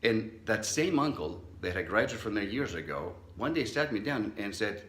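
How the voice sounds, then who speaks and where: Lowish voiced guy telling a story in his talk, super lively up and down, echoey room. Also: normal speed. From Southern California. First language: not English. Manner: animated storyteller, acts out quoted voices. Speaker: psychologist giving a talk. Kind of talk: motivational talk with personal story.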